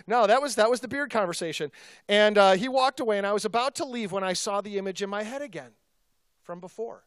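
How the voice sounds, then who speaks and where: A male pastor telling a personal story in a sermon, in a conversational, self-deprecating and animated way. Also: high-pitched, clean tone, dry recording, studio quality.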